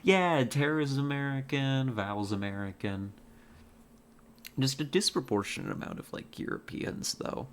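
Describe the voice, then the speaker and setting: A woman's voice: a bass voice, a little slow. A woman streamer chatting casually with her chat while playing a hunting game, rambling with many fillers and restarts.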